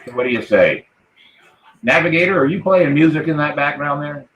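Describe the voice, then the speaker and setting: A man's voice: fairly high pitch, lively intonation, fairly quick, a bit bright, roomy sound, rough recording. A man hosting a live pirate-themed podcast, talking in a hearty, playful way as the ship's captain. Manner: hearty, toasting, rallying the crew. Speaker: podcast host.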